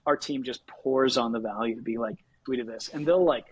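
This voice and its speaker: A Canadian man talking about sales on a podcast, energetic and laughing often, acting out cold calls. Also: medium pitch, brisk, slight background noise, low-quality recording. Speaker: podcast guest, sales executive. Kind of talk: casual podcast conversation.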